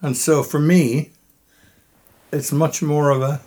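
A man's voice: fairly high pitch, fairly even intonation, slow pace, a little mellow. Old guy, 75, breathless and choked up, chuckling, bedside podcast, mic on the bedsheet. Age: 70s. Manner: reflective, chuckling, choked up at times. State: emotional and breathless. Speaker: interviewee. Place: bedroom, recorded from bed. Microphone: microphone resting on the bedsheet.

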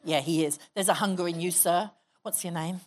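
In a church hall, a woman pastor preaches a sermon, urging on the congregation and leading them in prayer. Her voice is on the low side and a little fast, with slight background noise.

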